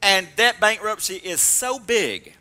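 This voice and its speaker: A man preaching in a bright, forceful voice that sits a little high for a man. He pulls call-and-response from his congregation and swings from loud exhortation down to quiet, murmured asides. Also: animated, measured pace. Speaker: pastor. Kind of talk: sermon.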